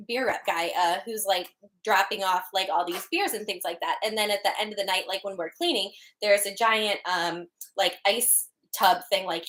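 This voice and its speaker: A woman's voice: mid-range voice, fairly bright tone, low-quality recording. A woman co-hosting a podcast in casual chat, telling long rambling stories full of filler words. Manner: rambling storytelling, heavy filler words, laughs. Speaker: podcast co-host.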